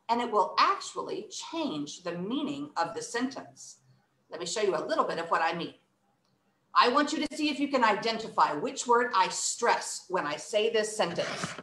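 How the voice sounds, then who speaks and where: A woman's voice: on the high side, sing-song, moderate pace, a bit bright, echoey room. A woman teaching an English workshop, speaking expressively and acting out emotions and word stress. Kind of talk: online English lesson for children.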